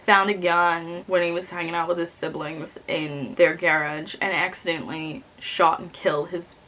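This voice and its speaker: A young woman talks through a novel she has read, blunt and expressive, and she swears freely. Her voice sits a little low for a woman. The delivery is casual vlog chat. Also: moderate pace. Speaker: book reviewer. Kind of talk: casual book review vlog.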